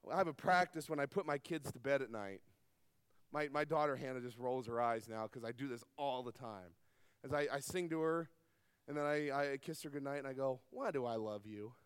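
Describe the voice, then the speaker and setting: A middle-aged man preaching a sermon, stressing key words loudly and dropping to quiet asides. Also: mid-range voice, steady tone, a little fast, clean tone, no room sound. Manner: emphatic preaching that swings between loud stresses and soft asides. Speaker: pastor.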